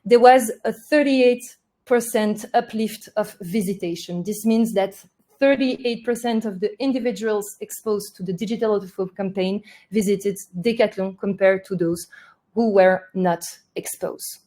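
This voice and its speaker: A woman's voice: medium pitch, measured pace. Woman presenting a marketing webinar. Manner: steady, list-like delivery. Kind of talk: presenting a webinar, partly read.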